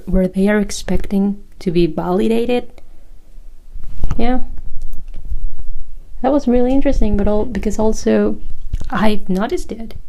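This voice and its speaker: A woman's voice: mid-range voice, mellow, rough recording. A young woman hosting a solo podcast, chatting casually and rambling, laughing often and restarting her sentences. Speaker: podcast host.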